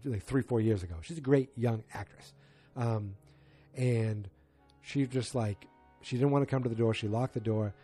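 A man casually recapping a TV episode in a rambling way, acting out the characters' lines as he goes. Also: fairly low pitch. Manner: rambling, animated, quotes characters.

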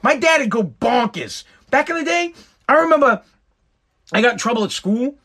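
A man's voice: very high-pitched, animated, normal speed, bright, forceful tone. A man telling an exasperated, profane stand-up story. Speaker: stand-up comedian.

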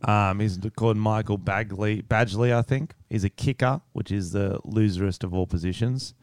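A man with a smooth, clear voice bantering in a playful, giggly way on a podcast. The sound is dry and close, straight into a studio mic. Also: lowish voice, normal speed, darkish tone, dry recording. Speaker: podcast co-host. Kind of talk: casual podcast chat.

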